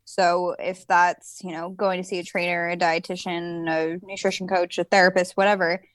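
A woman co-hosting a podcast, explaining habits and change in a measured way. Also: lowish voice, little pitch movement, no echo. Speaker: podcast co-host. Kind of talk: casual podcast chat.

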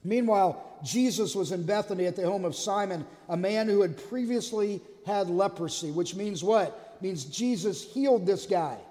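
A man preaching a sermon as lead pastor, telling stories and acting out the quotes with lively energy. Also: sits high, moderate pace, few pauses, big-room sound. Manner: animated storyteller, acts out quotes.

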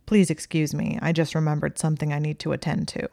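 A woman's voice: deep voice, little pitch movement, quick pace, mellow, dry recording, clean studio sound. A woman reading the lines of an oily, self-assured young wizard. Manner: smooth, then tight and evasive.

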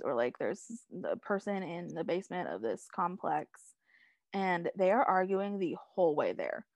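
A woman's voice: medium pitch, darkish tone, dry recording. A young woman in casual chat, recapping a TV episode, rambling with lots of "like" and "um" and frequent laughs. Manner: rambling, heavy use of "like" and "um", laughs often. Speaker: podcast co-host recapping a TV episode.

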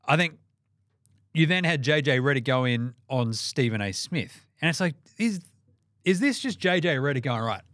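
Brief: young Australian guy, sweary mocking sports ranter, lively pitch, dry close mic. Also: moderate pace, no echo. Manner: profane, mocking, animated. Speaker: podcast host. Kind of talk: casual sports rant.

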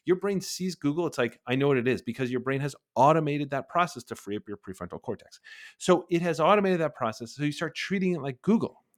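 A man's voice: a little high, animated, brisk. A man in his forties, a guest on an interview podcast, who talks animatedly and acts out little bits of dialogue. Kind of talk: conversational interview.

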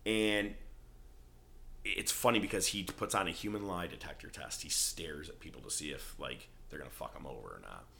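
A man's voice: very deep voice, moderate pace, vocal fry. A man hosting a podcast in casual chat, recapping a TV show with lots of swearing and acted-out quotes. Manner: animated, swearing, acts out quotes in character voices. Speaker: podcast host.

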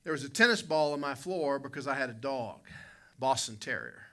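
Bright-voiced preacher telling a story. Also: male voice, medium pitch, animated, normal speed. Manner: folksy storytelling, calls out to people in the congregation. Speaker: pastor. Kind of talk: preaching a sermon with a personal story.

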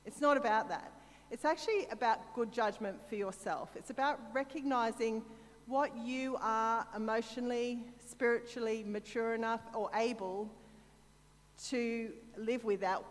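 This woman, a church speaker from Sydney, Australia, talks at a normal speed in a fairly high voice with fairly even intonation. The sound suggests a big room. Her sermon is conversational, built on stories and chatty, self-deprecating asides in an Australian accent.

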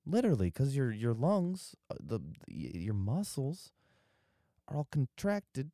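A man's voice: mid-range voice, wildly swooping pitch, measured pace, mellow, dry recording, studio quality. A tired young man rambling loosely through a solo podcast, drifting off topic and losing his train of thought. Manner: drowsy, meandering, loses his train of thought. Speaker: podcast host.

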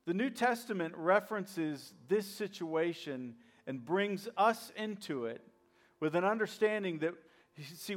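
A male pastor preaching a sermon, repeating key lines and acting out the voices of skeptics. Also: high voice. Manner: repetitive call-and-response preaching, acts out skeptics.

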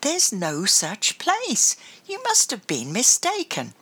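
Woman reader doing a hearty seafaring granny, high voice, lively swings. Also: slow, slightly rough, full character voice. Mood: dismissive. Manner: exclaiming, hearty, laughing. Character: spirited jolly grandmother, sailor.

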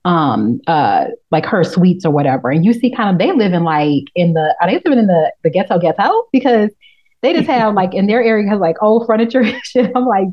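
A woman's voice: mid-range voice, animated, a little fast, highs cut off. A woman co-hosting a casual chat, recapping a TV episode and acting out characters in quoted lines, swearing freely. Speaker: podcast co-host recapping a TV episode.

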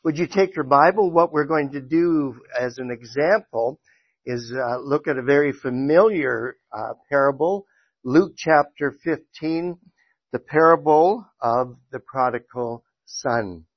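A man with a medium-pitched voice, speaking a little slowly, teaches a Sunday school class in a church classroom. He talks conversationally with frequent fillers and restarts, then reads scripture aloud and prays. The recording is dry and dull.

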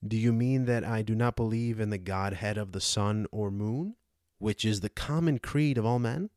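A man's voice: on the low side, moderate pace, darkish tone, dry recording, studio quality, lightly acted. A man reading as an old probing philosopher. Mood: indignant. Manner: rhetorical, cross-examining. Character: aged male philosopher, ironic and probing. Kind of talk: dramatized audiobook reading.

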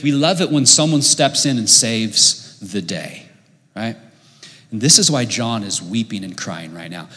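A middle-aged man preaching a sermon in a church auditorium, telling stories with sudden swings between loud and quiet. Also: medium pitch. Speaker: pastor. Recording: long reverb of a large hall.

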